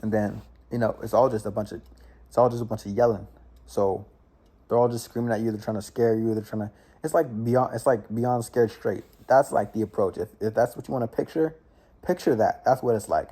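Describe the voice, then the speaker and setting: A man's voice: on the low side, brisk, dark tone. A young man telling a personal story in a casual, rambling way. He often checks in with "right?" and restarts his sentences. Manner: rambling, with many "right?" tag questions and restarts.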